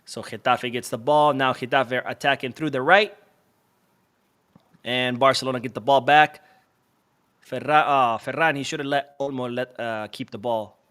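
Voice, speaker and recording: Man, live stream host, mid-pitched, chatty and self-mocking, calls the play and reads out chat. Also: fairly bright tone, smooth. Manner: chatty, self-deprecating, reads viewer comments aloud. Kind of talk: casual live match watch-along commentary.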